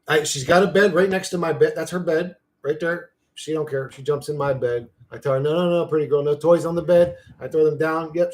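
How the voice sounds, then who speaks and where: A young man hosts a casual livestream, rambling, swearing freely and responding to his viewers' chat. Now and then he talks to his dog in a high, playful voice.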